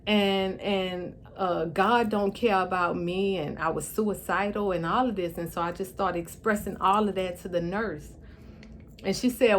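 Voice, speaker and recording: Through a slight hiss or hum, a woman vlogger with a mid-range voice shares an emotional story from her life. She's heartfelt and in tears, taking pauses to steady herself, her speech slightly marked by a stroke.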